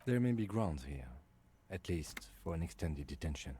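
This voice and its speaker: A composed police lieutenant speaks in a low, mellow tone with a slightly husky grain. He is calm and measured, with dry reasoning in a video game. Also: full character voice.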